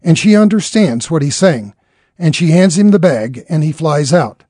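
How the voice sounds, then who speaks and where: A man's voice: fairly high pitch, lively intonation, normal speed, warm tone, no echo, studio quality. A man telling a dramatic story in an earnest way, acting out the characters' lines as he goes.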